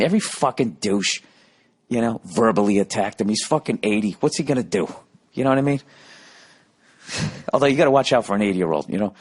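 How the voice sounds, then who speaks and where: With a medium pitch, a breathy edge and a fairly quick pace, a male podcast host rants sarcastically through a comic story. He swears heavily and acts out both sides of the arguments he describes.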